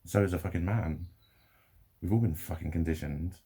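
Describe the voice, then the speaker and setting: A man's voice: deep voice, moderate pace, creaky, warm tone, husky. A young man ranting to camera in a sweary, rambling, heated way. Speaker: vlogger.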